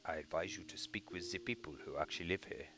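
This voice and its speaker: Jovial wandering dye merchant, voiced by a man, low and slow, theatrical, guitar music underneath. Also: natural voice. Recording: music playing behind.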